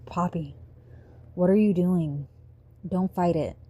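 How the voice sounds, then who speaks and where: A woman reading a soft-spoken, grave teen vampire boy, mellow and low, for an audiobook. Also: slightly rough. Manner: quiet, slow and serious.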